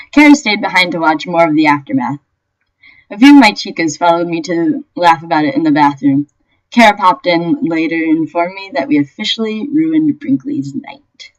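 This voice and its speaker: A young woman reads a story she wrote, her voice sitting a little low for a woman. She tells it in a lively way and breaks into laughter now and then. The sound is dull and lo-fi, like a cheap webcam mic. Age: young adult. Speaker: vlogger. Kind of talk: reading her own story aloud.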